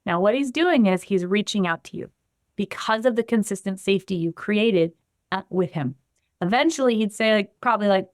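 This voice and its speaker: Expressive woman explaining to a host. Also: mid-range voice, moderate pace, dry recording, studio quality. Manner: animated, acts out the quotes she gives. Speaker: guest, somatic trauma practitioner. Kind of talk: explanatory podcast conversation.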